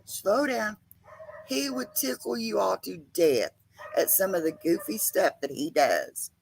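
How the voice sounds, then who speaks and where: A woman's voice: lowish voice, very animated, measured pace, gravelly, a little mellow, breathy edge, low-quality recording. A woman co-hosting a casual livestream chat, chatty and laughing often. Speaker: co-host.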